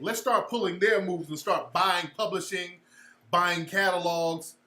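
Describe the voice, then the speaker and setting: Male livestream host, profane casual ranter, sharp bright tone, roomy echo. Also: high-pitched, steady tone, a little slow. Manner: blunt, profane, preachy street talk.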